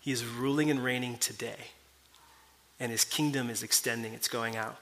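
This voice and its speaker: A man's voice: medium pitch, steady tone, moderate pace, a bit bright. A man preaching a sermon as pastor, asking the congregation questions and reading scripture aloud.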